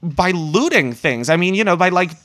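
A man telling his story as a podcast guest in a casual, animated way, swearing freely and sometimes acting out what people said. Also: high-pitched, normal speed. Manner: animated, acts out quoted voices, swears freely.

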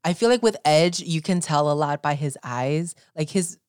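A woman co-hosting a podcast in casual chat, talking in an animated, gushing way and filling her speech with "like", slipping into now and then. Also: sits low, normal speed, smooth, no room sound, studio quality. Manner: animated, gushing fan talk with filler "like". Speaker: podcast co-host.

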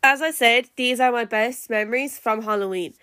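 A woman's voice: a little high, normal speed, bright, forceful tone. A woman with an Irish accent hosting a casual live-stream podcast, rambling along with lots of "like" fillers and restarts. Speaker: podcast host.

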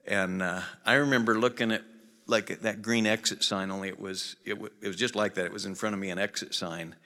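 A man preaches a sermon with a slightly low but bright, forceful voice. He talks conversationally and earnestly, then presses hard on the key points. Long reverb from the church hall trails after each phrase. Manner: earnest, conversational preaching that builds to emphatic passages. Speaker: pastor.

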